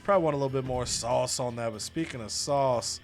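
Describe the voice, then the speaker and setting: A man hosting casual gaming commentary, excitedly recapping match results with bursts of loud laughter. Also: medium pitch, a little fast, faint music behind. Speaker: host.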